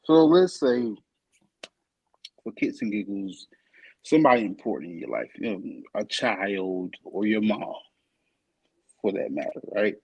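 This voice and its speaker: Gravelly low-voiced man hosting. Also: unhurried, long pauses, rough recording. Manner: relaxed, poses hypothetical questions. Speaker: podcast co-host. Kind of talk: casual interview chat.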